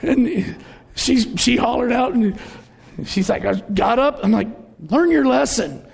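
High-voiced, gravelly preacher in a hall. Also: male voice, measured pace. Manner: conversational, storytelling, acts out quoted voices. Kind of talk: sermon. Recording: reverberant hall.

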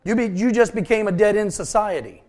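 A man's voice: high voice, brisk, a little mellow. A man preaching a sermon, joking with his congregation between points. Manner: folksy, joking asides to the congregation. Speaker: pastor.

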